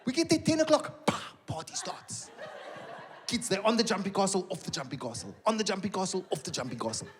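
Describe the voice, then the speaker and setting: A man's voice: high-pitched, quick pace, few pauses. A middle-aged South African man doing live stand-up, telling stories with acted-out voices and asides to the audience. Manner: animated storytelling with acted-out voices and asides to the crowd. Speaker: stand-up comedian. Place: live comedy venue with an audience. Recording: loud live crowd and background noise. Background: audience laughter and applause.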